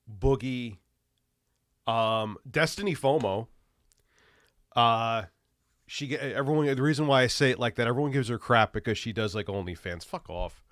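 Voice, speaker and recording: A man's voice: medium pitch, a bit bright, no room sound, studio quality. A man with a stuffy nose from a cold, ranting loosely and profanely while livestreaming. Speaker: streamer. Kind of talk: casual livestream rant.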